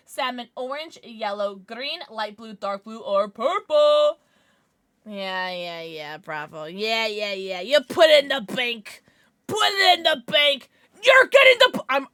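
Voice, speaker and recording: A woman livestreamer chatting casually and thanking subscribers, excitable, giggly and often apologetic. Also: fairly high pitch.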